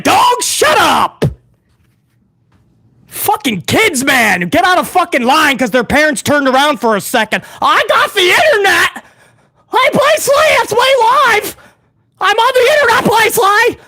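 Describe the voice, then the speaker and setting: A man playing a brash, boastful heel character, shouting profane taunts in a comedic rant. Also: very high-pitched, very animated, a little slow, gravelly, voice pushed up, exaggerated voice. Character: brash loudmouth heel bragging man, adult.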